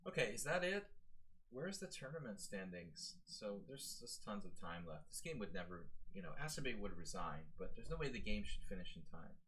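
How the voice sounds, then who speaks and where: A man's voice: fairly low pitch, very animated, moderate pace, fairly bright tone, poor audio. A man giving casual, rambling commentary on his live chess stream, talking to his chat with lots of fillers. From American.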